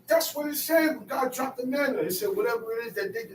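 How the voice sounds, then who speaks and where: Speaking extremely high and fast with lots of expression, this man preaches a Bible study to a few listeners, calling on them and acting out quotes with emphasis. The audio is echoey, distant-miked, and faintly noisy.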